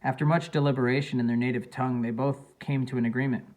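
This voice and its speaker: A man reads an adventure audiobook at an ordinary middle pitch. His delivery is plain and a little halting, with the odd restart. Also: steady tone, darkish tone, rough recording. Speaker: audiobook narrator. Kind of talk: audiobook narration.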